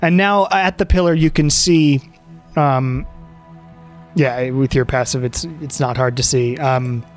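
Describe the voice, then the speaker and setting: A man narrating as game master in a relaxed, halting way, full of fillers, over faint music. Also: mid-range voice.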